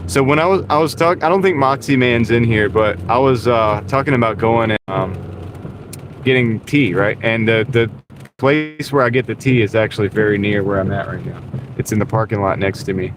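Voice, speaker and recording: Chatty man streaming from his car. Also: lowish voice. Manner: rambling, chatty, reads out viewer comments. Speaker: delivery driver livestreaming. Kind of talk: casual live-stream chat while driving. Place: inside a car driving in the rain. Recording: steady road and car noise behind. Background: car and road noise.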